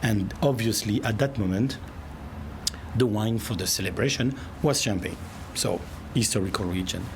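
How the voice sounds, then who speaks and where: A man's voice: on the low side, normal speed. A man with a French accent, a winemaker and company head, giving a thoughtful interview answer in non-native English, searching for words. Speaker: winemaker and CEO. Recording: clear background noise.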